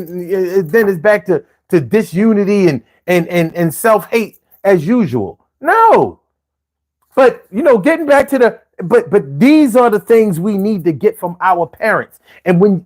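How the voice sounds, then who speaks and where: A man in his forties hosting a live stream, talking emphatically and profanely, with many restarts and repeated words. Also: very high voice. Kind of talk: casual chat.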